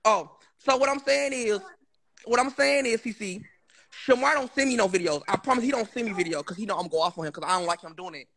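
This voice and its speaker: A man's voice: high-pitched, fast talker, creaky, fairly bright tone. A man on a livestream call, insisting and swearing oaths as he defends himself. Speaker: live stream guest. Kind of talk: heated livestream argument.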